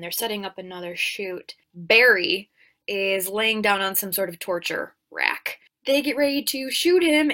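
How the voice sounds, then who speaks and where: Woman, host, comedic movie recap, sarcastic, irreverent, casual swearing, mid-pitched voice. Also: fairly bright tone.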